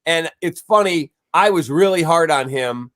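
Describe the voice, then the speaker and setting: A man guesting on a casual sports podcast, telling stories in a lively, anecdotal way. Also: fairly high pitch, unhurried. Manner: animated anecdotal storyteller.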